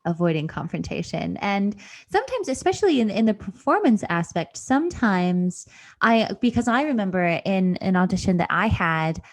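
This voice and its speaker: A woman hosting a relaxed interview, asking questions and telling stories in a chatty way. She drops into animated voices when she quotes herself. Her voice sits at an ordinary middle pitch. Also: moderate pace. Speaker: interview host. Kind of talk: casual interview chat.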